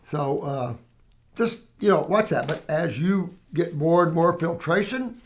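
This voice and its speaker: An older man hosting a health Q&A, talking casually in a rambling, animated way with many restarts and acted-out quotes. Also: a little high, a little slow. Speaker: herbal health show host answering questions. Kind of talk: casual Q&A talk.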